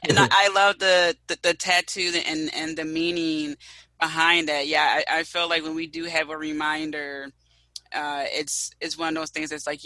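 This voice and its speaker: A woman's voice: deep voice, little pitch movement, moderate pace, bright, forceful tone, dry recording, low-quality recording. A woman hosting an interview podcast, responding to her guest with affirming, encouraging remarks. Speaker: podcast host. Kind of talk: conversational interview.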